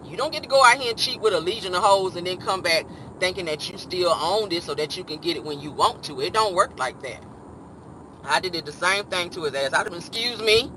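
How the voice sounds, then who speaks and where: A man hosting a casual gossip commentary show, sassy and animated, slipping into mock voices to act out the stories. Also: high-pitched, a little fast, background noise. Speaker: host.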